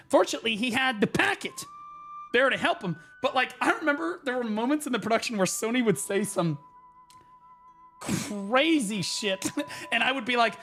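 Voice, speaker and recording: A young man telling a story on stream in a profane, excitable way, now and then bursting into shouts. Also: sits high, normal speed. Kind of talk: animated storytelling rant.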